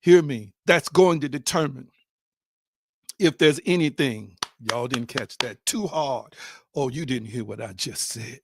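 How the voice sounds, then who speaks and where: A man preaching a sermon in a dramatic way, repeating his questions and swinging from loud outbursts to hushed, low lines. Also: unhurried, creaky, slight background noise. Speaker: spiritual speaker.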